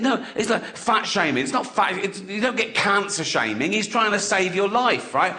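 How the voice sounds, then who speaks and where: A man's voice: sits high, very noisy. A middle-aged man doing a stand-up comedy set, swearing freely and often cracking up at his own jokes.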